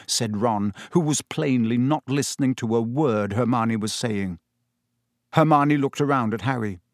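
An audiobook narrator, male and medium-pitched, reads with measured expressiveness. The studio sound is clean, with no echo.

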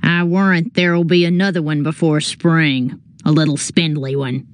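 A woman's voice: low-pitched, steady tone, moderate pace, no room sound, natural voice. A woman reading aloud, voicing a wounded outlaw man who sneers and taunts. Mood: taunting. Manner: mocking, sneering.

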